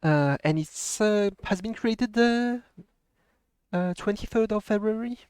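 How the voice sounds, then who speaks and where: A man's voice: high-pitched, unhurried, darkish tone, clear, resonant tone, no echo. A man with a French accent, hosting a casual live stream and chatting with a laugh in his voice. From France. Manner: chatty, laughs often, mixes in French phrases. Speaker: stream host.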